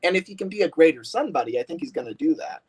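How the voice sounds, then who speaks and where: Male stream host, upbeat and chatty, somewhat high voice with big pitch swings, frequent laughter. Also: rapid-fire, husky, rough recording. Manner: animated, laughs often, many fillers. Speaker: livestream host. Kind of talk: casual livestream chat.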